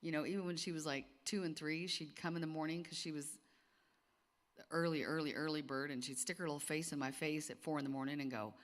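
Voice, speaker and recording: A middle-aged woman addresses a group of women in a casual, chatty way, often restarting and drifting into asides. Her voice is low with fairly even intonation and a fairly quick pace, and the gathering is recorded with a long hall reverb.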